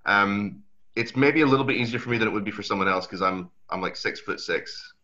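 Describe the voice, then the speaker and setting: A young man from Switzerland whose first language is Swiss German speaks with a mixed Aberdeen Scottish accent carrying American traces. His voice sits very low yet bright and forward, and he talks in a loose, chatty way, often restarting his sentences. The recording sounds a little dull and lo-fi. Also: a little fast. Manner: relaxed, chatty, laughs often, many restarts. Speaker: guest. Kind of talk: casual interview chat. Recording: dull lo-fi audio.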